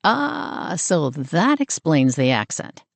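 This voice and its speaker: Woman putting on a smirking young surfer guy, low voice, lively teasing lilt, dry audiobook sound. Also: slow, creaky, no room sound, exaggerated voice. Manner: playful, smirking banter.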